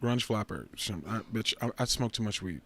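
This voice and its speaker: A man hosting a fashion review show, talking in a sassy, swearing, animated way with sudden jumps up in pitch. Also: fairly quick. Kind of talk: casual commentary.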